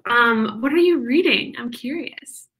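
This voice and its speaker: Brief: chatty woman streamer, bright and slightly high, breathless bubbly delivery. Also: animated, a little slow. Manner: bubbly, chatty, lots of "like" and laughs. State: a little out of breath. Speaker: livestream host of writing sprints. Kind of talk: casual chat reading live comments.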